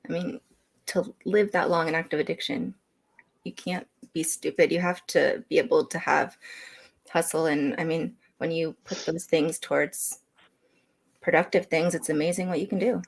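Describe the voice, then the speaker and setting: Husky woman with gravelly tone. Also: sits low, steady tone, moderate pace, poor audio. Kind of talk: casual interview chat.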